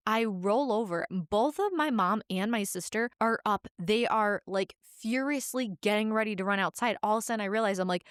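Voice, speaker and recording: Chatty female podcast host, mid pitch, dry close-mic storytelling. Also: normal speed, hardly any pauses, clean tone, no echo. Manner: chatty, many filler "like"s. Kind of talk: casual storytelling.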